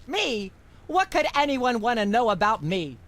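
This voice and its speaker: Picture a snooty talk show hostess from a comedy video game, with a high voice. She talks down to her guests in a prim, lecturing way. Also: sing-song, a little slow, a bit bright, exaggerated voice. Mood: condescending. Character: haughty female talk show host.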